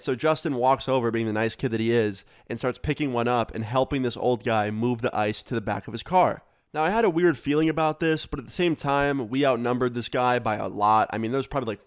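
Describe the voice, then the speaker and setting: A man telling a storytime vlog story in a casual, profane, animated way. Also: medium pitch, clean tone. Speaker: storyteller vlogger.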